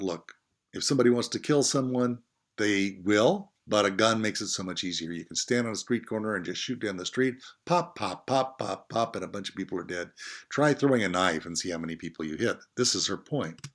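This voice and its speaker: A man's voice: fairly low pitch, expressive, moderate pace, a bit bright. A middle-aged man teacher giving a recorded lecture on an essay, conversational and emphatic, with asides.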